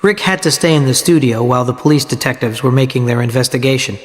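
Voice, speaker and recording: A man's voice: mid-range voice, fast. Man reading a story steadily in a reverberant hall. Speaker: narrator. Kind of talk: scripted story narration for learners.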